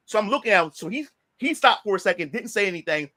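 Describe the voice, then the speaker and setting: Man, casual storytelling, profane, animated, does the quotes, dry room. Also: high-pitched, fast talker, dry recording. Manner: animated, profane retelling of a confrontation, acting out quotes. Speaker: podcast guest.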